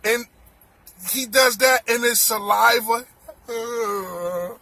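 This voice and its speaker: High-voiced animated man telling a story. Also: a little slow, no echo. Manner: animated, exclaiming, repeats words. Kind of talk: comic storytelling.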